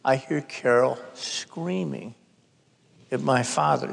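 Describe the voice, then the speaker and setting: A man's voice: a little high, slow, creaky. A man in his sixties, a novelist, telling a wry, comic family story at a live public conversation. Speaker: novelist guest. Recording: reverberant hall at a live event.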